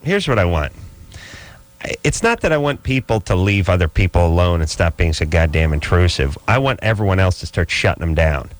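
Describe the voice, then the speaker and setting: A man hosting a radio call-in show, telling stories in a rambling, animated way. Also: low-pitched, brisk, no echo. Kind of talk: casual talk radio banter.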